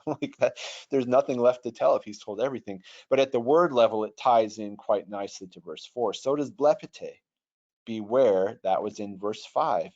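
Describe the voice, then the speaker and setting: A man's voice: medium pitch, darkish tone. A man teaching Greek grammar in an online webinar, patient and thoughtful, often restarting his sentences. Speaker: online Bible software trainer. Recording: dull lo-fi webinar audio.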